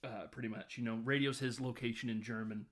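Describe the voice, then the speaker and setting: A man's voice: medium pitch, steady tone, fast talker. Man rambling through a movie recap. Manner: rambling recap with many fillers. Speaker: podcast co-host. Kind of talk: casual film discussion.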